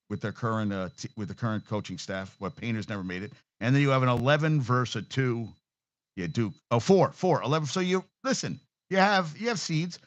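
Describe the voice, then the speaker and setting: A man's voice: mid-range voice, no echo. A man hosting a casual sports talk show, ranting bluntly and profanely with an exasperated edge.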